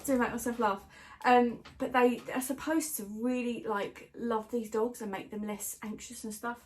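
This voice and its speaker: A woman's voice: a little high, fairly even intonation, moderate pace. A middle-aged British woman chatting casually to her viewers as a lifestyle vlogger at home, rambling and friendly. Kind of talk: casual chat to camera. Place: at home, in a home office. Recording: noisy home recording.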